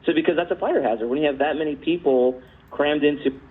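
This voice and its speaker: A man speaking haltingly on the radio, stumbling and filling gaps with "you know". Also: fairly high pitch, husky. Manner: halting, full of fillers. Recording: tinny phone-line radio clip.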